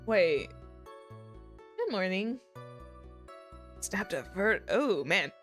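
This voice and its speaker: A woman streamer chatting casually over a game, quick to poke fun at herself in a goofy way. Her voice sits in a plain middle range and comes through a close desk mic. Faint game music plays beneath her. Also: mid-range voice, very animated. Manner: goofy and self-deprecating. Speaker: VTuber streamer.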